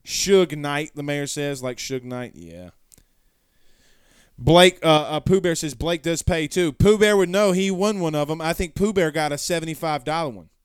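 A man's voice: fairly high pitch, moderate pace, smooth, no room sound, studio quality. Chatty man hosting a sports show. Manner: rambling, self-correcting, folksy. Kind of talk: casual live-stream chat reading comments.

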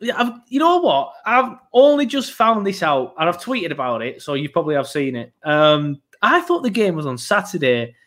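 A man's voice: fairly high pitch, very animated, normal speed, hardly any pauses, fairly bright tone. A young man hosting a casual football podcast, rambling with frequent ums. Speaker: podcast host.

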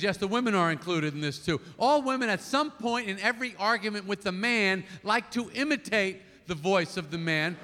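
A male stand-up comedian on a theater stage, with an exasperated, animated delivery that breaks into shouts. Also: sits high. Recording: long theater reverb, audience noise.

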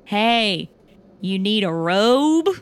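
A woman's voice: medium pitch, very animated, moderate pace, fairly bright tone. A woman voicing a bubbly, giggly werewolf who rambles, in an improvised comedy audio drama.

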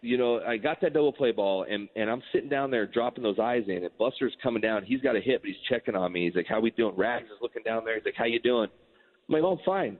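A man in his forties, a former pitcher, telling a story in a casual, rambling way, full of "like" and restarts. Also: quick pace. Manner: rambling, animated, heavy use of "like". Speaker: former baseball pitcher, guest. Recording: tinny phone-like line with long reverb.

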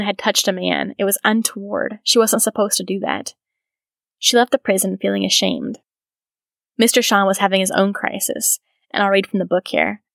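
A woman's voice: mid-range voice, creaky, fairly bright tone, dry recording. A woman hosting a podcast who reads from a biography aloud and adds earnest, reflective comments of her own. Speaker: podcast host.

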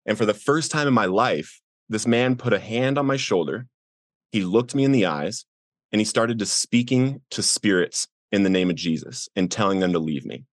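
A middle-aged man earnestly telling his personal recovery story as a podcast guest, voicing the people in it with raised pitch. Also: no room sound, studio quality. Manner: earnest, acts out quoted voices with rising pitch.

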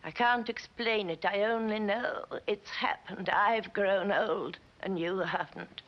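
An older actress playing an aged, jilted wife who is desperate and possessive, in an old TV drama. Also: female voice, medium pitch, fairly even intonation, takes it slowly, close to an everyday voice. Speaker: actress in a 1960 TV drama clip. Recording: dull, lo-fi old TV soundtrack.

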